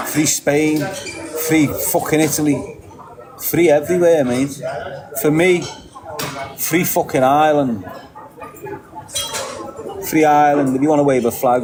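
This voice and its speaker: A man from England with a Scouse accent, delivering a heated, sweary, opinionated rant that repeats its points forcefully. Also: medium pitch, poor audio. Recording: loud crowd behind the voice.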